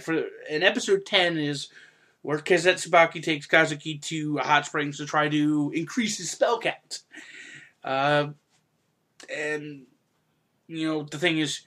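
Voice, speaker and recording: A man hosting a casual podcast review, chatty and quick to laugh, sometimes breaking into loud silly impressions. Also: on the high side. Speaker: podcast host reviewing an anime.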